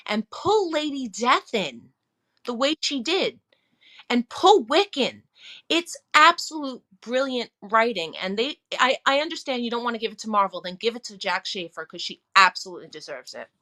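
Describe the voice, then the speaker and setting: A woman with a bright, fairly high voice chats on a podcast. She speaks with enthusiasm and leans hard on her emphasis. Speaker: podcast co-host. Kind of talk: casual chat.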